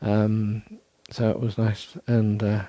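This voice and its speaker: Slow and monotone, this man's low, warm voice comes through a dry recording. He's alone on his podcast, yawning and clearly worn out, wandering through a casual, self-mocking monologue with lots of ums and restarts.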